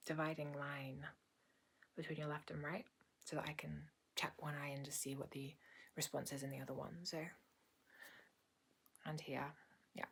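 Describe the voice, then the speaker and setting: A woman in a whispered role-play as a doctor giving a gentle checkup, speaking softly and unhurriedly with hesitant pauses. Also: low voice, level tone, vocal fry, breathy edge. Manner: soft-spoken and unhurried, with frequent hesitant "um"s. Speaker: ASMR creator playing a doctor. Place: small indoor home filming room.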